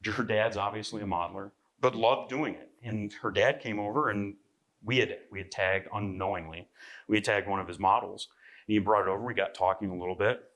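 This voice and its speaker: In a convention seminar room, a male magazine editor gives a live talk in a fairly low, bright voice, speaking a little fast with fairly even intonation. He's chatty and conversational, often checking in with the audience with "right?" and clearing his throat.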